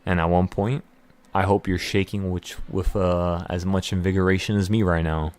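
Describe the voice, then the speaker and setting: A man hosting a trading channel, speaking in an intense, rambling motivational monologue full of excitement and repeated words. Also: low-pitched, moderate pace, smooth.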